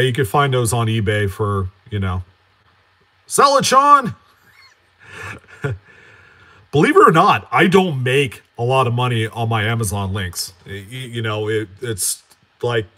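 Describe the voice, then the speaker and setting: A man hosting a coin collecting channel in a casual live-stream chat, greeting viewers by name and answering them in a relaxed, rambling way. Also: medium pitch. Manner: chatty, reads out and answers viewer names; relaxed, with frequent fillers and self-corrections.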